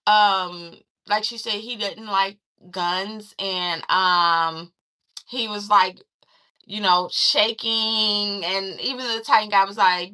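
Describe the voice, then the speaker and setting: A woman casually recapping a movie plot, retelling the story in an animated way with lots of fillers and restarts. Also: mid-range voice, takes it slowly, clean tone. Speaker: movie reviewer.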